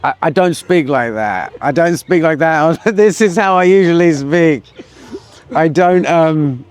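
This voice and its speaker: A man from the United Kingdom, chatting casually as an interview guest, easygoing and quick to laugh. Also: on the high side, expressive, clean tone. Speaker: guest, expat business owner.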